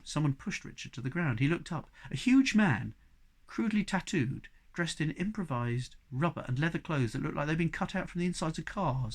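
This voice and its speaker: A man reads a novel aloud in audiobook narration. His telling is measured and expressive. His voice sits at a middling pitch. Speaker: reader.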